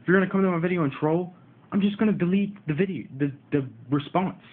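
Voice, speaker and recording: A man's voice: high-pitched, fast. A man rants to his viewers about rude comments on his card game videos, repeating himself and mocking commenters. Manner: frustrated, repetitive, mocks commenters. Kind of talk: ranting vlog to viewers. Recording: tinny phone-like audio.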